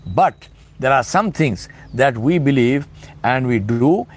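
A man's voice: mid-range voice, animated, slow, slightly rough. A middle-aged man preaching in a conversational way, asking rhetorical questions and acting out little dialogues. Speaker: Islamic speaker. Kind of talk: informal sermon talk.

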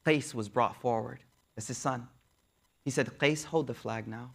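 A man preaching a storytelling sermon, lively and casual, acting out the people in the story. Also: mid-range voice, measured pace, gravelly, husky. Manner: lively, acts out the quoted figures, uses casual slang.

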